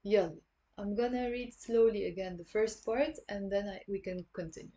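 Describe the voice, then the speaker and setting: Mellow-voiced Lebanese woman teaching slowly. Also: medium pitch. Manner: patient, repeats words slowly for learners. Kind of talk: online language lesson.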